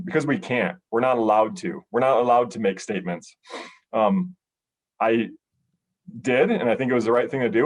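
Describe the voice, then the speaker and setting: A middle-aged American police sergeant telling a personal story in a podcast conversation, earnest and emotional, with frequent ums and restarts. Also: male voice, mid-range voice, lively intonation, normal speed. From United States.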